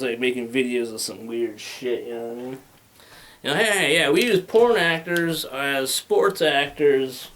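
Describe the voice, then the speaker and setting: A man doing stand-up comedy, rambling and profane, slipping into mock-angry rants and quick put-on voices. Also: medium pitch, a bit bright.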